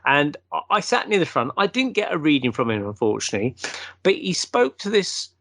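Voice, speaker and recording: A man's voice: a little high, very animated, a little fast, a bit bright, no room sound. A man hosting a paranormal show, telling long, rambling anecdotes in casual conversation.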